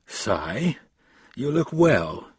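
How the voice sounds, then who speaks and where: A man's voice: mid-range voice, big pitch swings, drawn-out words, slightly rough, no echo, studio quality, exaggerated voice. A man voicing a cautious male American politician who speaks in a guarded, placating way.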